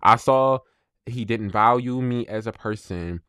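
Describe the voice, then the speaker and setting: A man hosting his own podcast, speaking bluntly and with profanity in a slow, reflective solo monologue about a breakup. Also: medium pitch, a bit bright, clean tone, no echo, studio quality. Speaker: podcast host.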